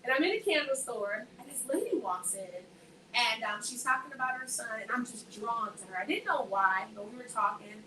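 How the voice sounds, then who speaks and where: A woman's voice: a little high, animated, brisk, bright, forceful tone. A woman giving a faith testimony to a group, telling her story with energy and acting out the voices of the people in it. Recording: echoey room, voice from a distance, faint background noise.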